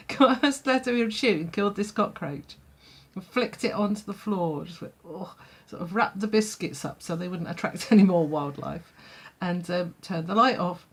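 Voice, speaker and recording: A woman's voice: medium pitch, husky. Chatty woman telling a story. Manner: chatty, laughs often, many fillers. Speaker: vlogger. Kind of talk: storytime vlog.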